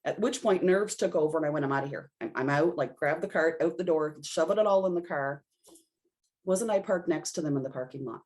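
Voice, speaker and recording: A woman with a low-sitting, darkish voice speaks briskly as a podcast guest. She's an intuitive reader sharing a personal story in casual conversation, acting out her own reactions along the way.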